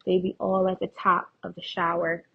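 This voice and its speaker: A young woman telling her personal story as a guest in an interview, lively and expressive, often quoting other people. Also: on the low side, moderate pace, creaky, slightly rough, phone-quality sound. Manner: animated retelling with quoted voices and laughs.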